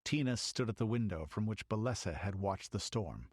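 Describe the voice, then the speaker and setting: A man's voice: lowish voice, expressive, normal speed, no echo, clean studio sound. A man reading an audiobook in dramatic storytelling narration. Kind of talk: scripted narration.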